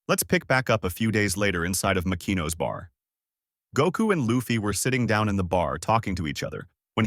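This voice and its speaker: A man's voice: lowish voice, dry recording. A man narrating a fan-made story for his channel in a casual storytelling voice, close to the mic. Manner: lively storytelling.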